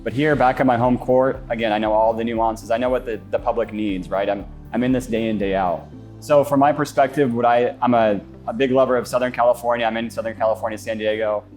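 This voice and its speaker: A man from the Phoenix area, a business owner, giving a confident, brisk tour and interview inside his office. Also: medium pitch, steady tone, darkish tone, faint music behind. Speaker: guest, brokerage owner. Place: inside a real estate office.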